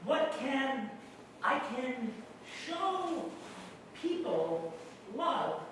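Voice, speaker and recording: A male pastor giving a sermon, speaking slowly and deliberately and putting questions to his congregation. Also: very high-pitched, big pitch swings, noisy background. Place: church hall. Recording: very echoey room, mic far off.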